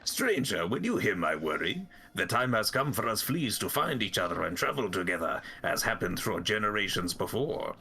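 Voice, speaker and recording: A man's voice: lowish voice, very animated, vocal fry, bright, forceful tone, full character voice. A man putting on a grand flea caravan leader with a mock French accent. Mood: pleading. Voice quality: clumsy mock French accent drifting into Russian. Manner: slow, grand and courteous. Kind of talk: voicing game characters on a live stream.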